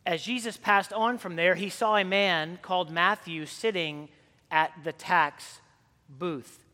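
A man's voice: high-pitched, slow pace, sharp tone. A man preaching a sermon as a priest, telling stories in a conversational way. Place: church sanctuary. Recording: long church reverb.

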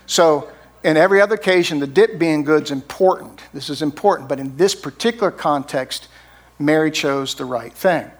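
A man's voice: fairly high pitch, normal speed. A middle-aged man preaching a sermon as pastor, in a conversational way, often checking in with "right?". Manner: conversational, frequent "right?" tag questions.

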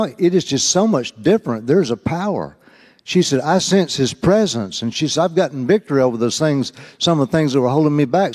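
A man preaching, telling a folksy, animated story and rising high when quoting others. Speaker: pastor. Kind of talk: sermon storytelling. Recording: long hall reverb.

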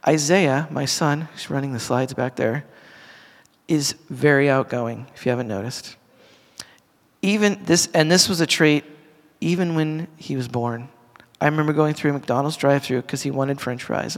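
A man's voice: on the high side, moderate pace. Earnest man preaching in a reverberant hall. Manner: earnest, conversational, with frequent restarts and asides to the audience. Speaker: pastor. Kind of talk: casual sermon to a congregation. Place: church hall. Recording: long reverb of a church hall.

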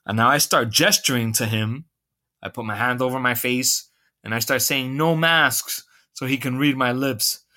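Bright-voiced man in a profane rant. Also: mid-range voice, steady tone, normal speed. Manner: profane, ranting, sarcastic. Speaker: podcast host. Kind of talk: comedic storytelling monologue.

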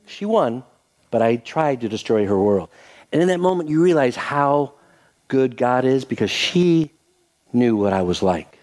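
A man's voice: mid-range voice, moderate pace. An older man preaching a sermon as pastor, telling a story with acted-out quotes and leading a prayer. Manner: animated storytelling with voiced quotes, then soft prayer.

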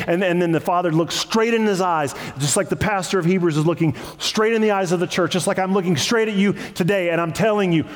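A man's voice: high voice, quick pace, few pauses. A man who is a pastor, preaching a sermon with impassioned, repetitive emphasis. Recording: hall reverb.

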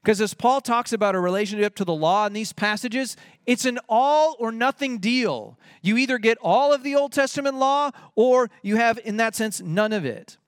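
Man, pastor, sermon, high voice, dry close sound, emphatic on scripture. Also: moderate pace, few pauses, clear, resonant tone, no room sound. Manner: emphatic preaching, rising on quoted scripture.

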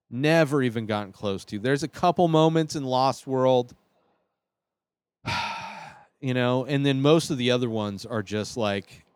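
Heard in a dry recording, this show host has a clear, resonant voice of medium pitch. His casual monologue ranking films is eager and meandering, peppered with fillers and false starts.

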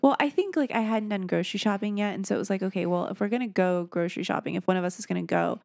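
Young female co-host, creaky tone, dry close sound, chatty and self-mocking. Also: medium pitch, rapid-fire, a little mellow, no room sound. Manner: chatty storyteller, self-deprecating. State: sleep-deprived. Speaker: podcast co-host. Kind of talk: casual chat.

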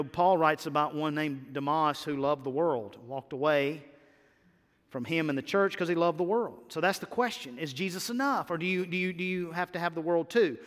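A man pastor delivers a fervent Easter sermon in a high, bright-pitched voice. He keeps hammering his points home with emphatic repetition and stammered restarts. His voice carries a long reverb through the church sanctuary.

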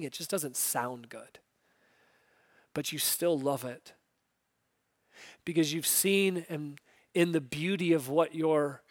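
A male pastor preaching with a high voice, animated and expressive. He acts out scripture quotes and moves between loud emphasis and hushed asides. The recording is dry and close. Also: no echo. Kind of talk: sermon.

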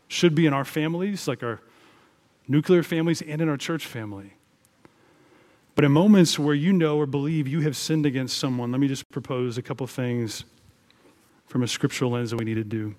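A man delivering a sermon as a pastor, in a voice of ordinary pitch. He preaches in an earnest, conversational way and leans into his points with emphatic rises. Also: a little fast, darkish tone.

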